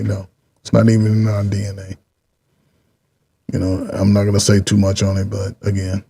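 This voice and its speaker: Gravelly, dark-voiced man rambling on. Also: lowish voice. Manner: rambling, repeats himself, drawn-out pauses. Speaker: channel host. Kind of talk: casual political commentary.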